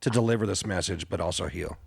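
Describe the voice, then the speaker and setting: A man with a very low, gravelly voice hosts a casual interview. He sounds laid-back, and the sound is dry and close. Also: fast talker, no echo. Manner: laid-back, short affirmations. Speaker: interview host.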